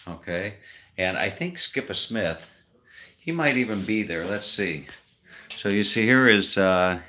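Deep-voiced rambling man vlogging. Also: sharp tone. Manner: rambling, halting, many filler pauses. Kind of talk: casual walk-through vlog. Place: indoors in a house.

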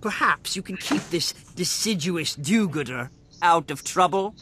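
A man's voice: sits high, animated, a little slow, background noise. An actor playing a pompous, wordy male scholar who leads a lab and talks down to his helpers. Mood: haughty. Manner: wordy, condescending.

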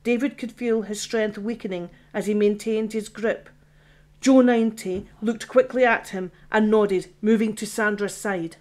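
A woman's voice: mid-range voice, fairly even intonation, unhurried, a little mellow. Woman narrating her own audiobook. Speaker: author reading her own book.

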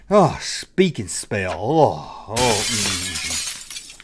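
A middle-aged man hosting a casual nostalgic vlog, jokey and animated, often acting out his own childhood reactions. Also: a little high, brisk, slight background noise. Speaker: host.

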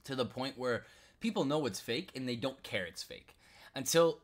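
A man's voice: mid-range voice, animated, moderate pace. A man from the United States ranting about politics in a vlog, frustrated and repetitive, throwing in "bro" and "like". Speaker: commentary vlogger. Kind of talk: political rant.

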